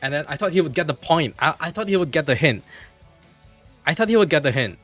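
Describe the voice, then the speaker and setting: A man livestreaming from his computer, telling a story in an animated way, repeating himself and swearing freely. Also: fairly high pitch, fast, soft background music.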